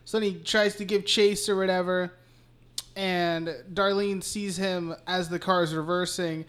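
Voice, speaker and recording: A man's voice: sits high, fairly even intonation, unhurried, fairly bright tone, clean tone. A man co-hosting a podcast, retelling a horror movie plot in a rambling, profane, casual way. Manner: rambling, profane, laughing recap. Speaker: podcast co-host. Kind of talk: casual movie recap chat.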